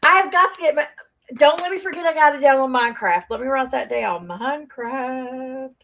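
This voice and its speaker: A woman's voice: high voice, moderate pace, vocal fry, slight background noise. A woman chatting animatedly on a casual live stream, rambling with lots of fillers, into a plugged-in external mic. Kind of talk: casual livestream chat to viewers. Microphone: plugged-in external mic on phone stream.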